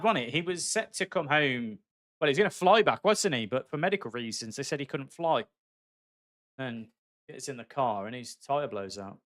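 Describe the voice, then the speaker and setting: A man's voice: medium pitch, fairly bright tone. A man from the West Midlands with a Black Country accent, chatting casually with viewers while streaming a game. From West Midlands, England. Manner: chatty, friendly, calls viewers mate. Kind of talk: casual live-stream chat while gaming.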